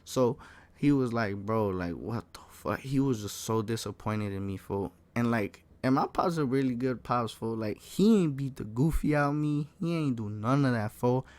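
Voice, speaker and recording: A young man in a casual storytime vlog, slangy and animated, swearing often and calling the listener folk and bro. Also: medium pitch, moderate pace, no echo. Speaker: vlogger.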